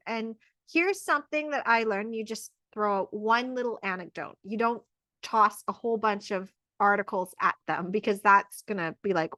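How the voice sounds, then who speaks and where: A woman hosting and teaching an online birth class in a casual, animated way, acting out dialogues as she explains. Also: medium pitch, normal speed, dry recording. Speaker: birth educator and host.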